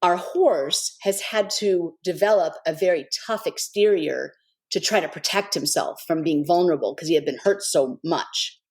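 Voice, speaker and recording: A woman's voice: on the low side, moderate pace. A woman guest on a podcast, telling an earnest, heartfelt story with many "kind of" and "like" asides. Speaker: guest, animal intuitive.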